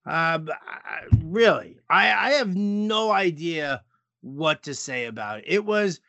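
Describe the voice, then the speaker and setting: Casual sports co-host: high, bright voice, dry close sound, profane and exasperated. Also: male voice, lively intonation, a little slow, dry recording. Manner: swearing, exasperated, many restarts.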